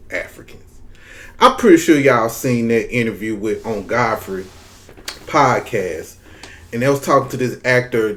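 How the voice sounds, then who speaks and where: A man, talking casually to his YouTube viewers in a relaxed, slangy way. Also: lowish voice. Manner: laid-back, slangy and direct. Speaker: YouTube commentator. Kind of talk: casual commentary vlog.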